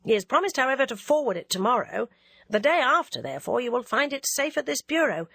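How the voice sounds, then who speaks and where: A woman voicing a kind, courteous young gentleman in a storybook reading, polite and reassuring. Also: sits high, very animated, fast talker, gravelly, no room sound, pitched above the performer's own voice, full character voice.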